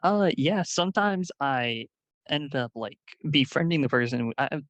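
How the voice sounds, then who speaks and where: A man's voice: medium pitch, animated, measured pace, a bit bright, no echo. A man on a casual gaming podcast who lists things off with chuckles, words tumbling out.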